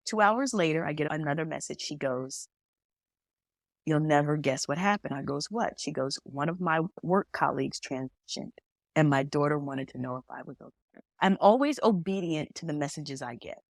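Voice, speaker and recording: Her low voice moves at a moderate pace as she, a medium on a podcast, shares stories in conversation and acts out the quoted dialogue with animation. The recording is studio quality with no echo.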